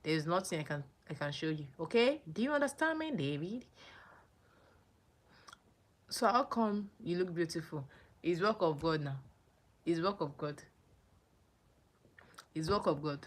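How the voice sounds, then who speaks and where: A woman's voice: on the low side, measured pace, pauses often. Chatty Nigerian woman livestreaming. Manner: animated, repeats names and phrases, greets viewers. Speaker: livestream host. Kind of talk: casual livestream chat reading viewer comments.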